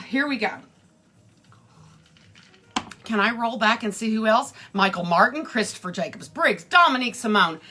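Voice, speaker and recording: A woman's voice: a little high, animated, a little fast, sharp tone. A middle-aged woman hosting a live home cooking stream from her kitchen, talking earnestly and chatting with viewers by name. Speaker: cooking show host.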